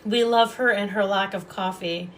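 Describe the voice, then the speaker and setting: A woman's voice: mid-range voice, steady tone, normal speed, fairly bright tone. Woman, livestream host, chatty, affectionate, rambling, faint hiss behind. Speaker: host and Reiki practitioner. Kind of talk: casual livestream chat.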